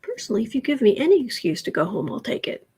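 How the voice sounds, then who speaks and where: A woman hosting a casual tarot livestream at home, chatting slowly and often slipping into soft, whispered baby talk. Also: on the high side, wildly swooping pitch, husky. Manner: slow, chatty asides. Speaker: tarot reader and livestream host.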